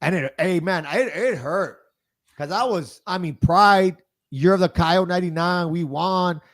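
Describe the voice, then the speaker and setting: A man in his forties hosting a podcast, telling a story in lively, casual chat that often starts with "hey". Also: high voice, measured pace. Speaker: podcast host.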